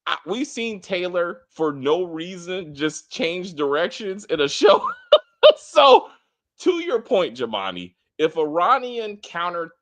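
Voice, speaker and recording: A man's voice: sits high, very animated, slow pace, a bit bright. A man co-hosting a casual TV spoiler review, ranting emphatically with plenty of profanity. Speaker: co-host of a TV review show.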